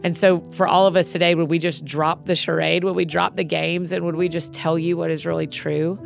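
Lowish-voiced woman reading scripture and praying. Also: a little fast, creaky, faint music behind. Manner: expressive reading, then soft informal prayer. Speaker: Bible reading podcast host. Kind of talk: scripture reading and spoken prayer.

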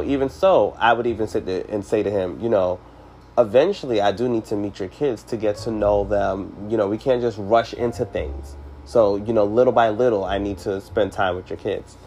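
A man's voice: fairly low pitch, a little mellow, a little hiss or hum. A man hosting a podcast, telling a personal story in a casual, emphatic way, full of "you know" fillers. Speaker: podcast host.

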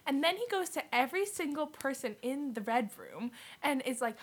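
A woman's voice: sits high, expressive. A young woman co-hosting a podcast, telling a chatty story full of "like" in casual conversation. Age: young adult. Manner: chatty storytelling, heavy use of "like", quick to laugh. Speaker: podcast co-host. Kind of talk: casual chat.

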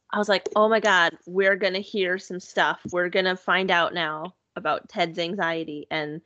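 A woman's voice: on the low side, fairly even intonation, unhurried, sharp tone, no room sound, lo-fi sound. A woman in casual conversation, chatty and upbeat, filling her talk with "like" and "you know". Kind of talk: casual chat.

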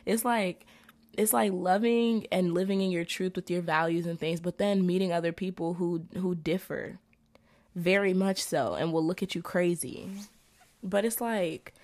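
A young woman, a college student reading through her notes in an animated, profane, exasperated rant. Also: lowish voice, normal speed. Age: young adult.

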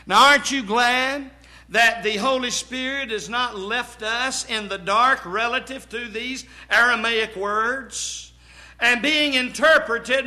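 Slow, high-voiced preaching man. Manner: dramatic preaching, slow and emphatic, swelling to shouts. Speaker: pastor. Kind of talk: sermon.

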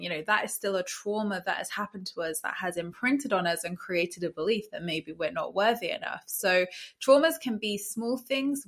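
A young woman from the UK, a guest on a podcast, talking in a chatty, animated way and often quoting her own thoughts aloud. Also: mid-range voice. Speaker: podcast guest, law of attraction coach. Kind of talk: casual podcast interview.

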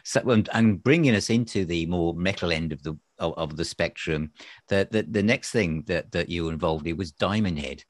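A man hosting a podcast interview, asking questions haltingly and repeating words. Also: low voice, dry recording. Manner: hesitant, repeating words as he asks. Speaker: podcast host.

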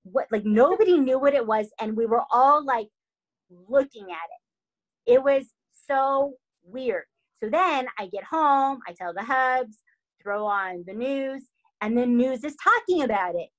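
A middle-aged woman co-hosts a casual podcast, telling a story with lots of energy. Her voice sits a little high. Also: a little slow. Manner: animated storyteller. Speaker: podcast co-host. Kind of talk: casual chat.

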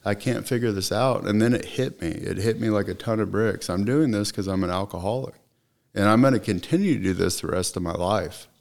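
A middle-aged man earnestly recounting his recovery story in conversation, halting with many fillers. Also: on the low side, vocal fry, darkish tone. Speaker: podcast guest.

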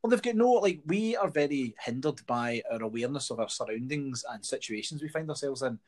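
A man's voice: medium pitch, expressive, a little fast, a little mellow. A middle-aged man with a Scottish accent, telling wry stories and swearing freely in a casual chat.

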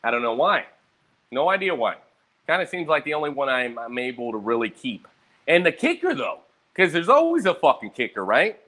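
Brisk and mid-range in pitch, a slightly hungover young man rambles about his day with plenty of profanity. He bounces between anecdotes, telling them in an animated way.

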